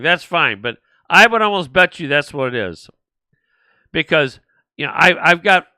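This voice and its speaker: A man's voice: a little high, pushed and bright, dry recording. An older man hosting a political talk show, blunt and rambling, mocking the people he talks about. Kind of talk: political commentary.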